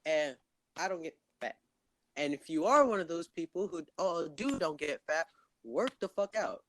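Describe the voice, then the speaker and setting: Brief: male podcast host, loud and stuttery, swears freely, very animated delivery, dry close sound. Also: a little high, moderate pace, dry recording. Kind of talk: casual chat.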